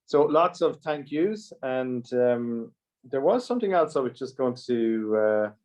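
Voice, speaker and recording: A man hosting an online Q&A, speaking haltingly with many restarts. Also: mid-range voice, expressive, darkish tone. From Ireland. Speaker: host. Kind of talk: online talk Q&A. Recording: dull lo-fi audio.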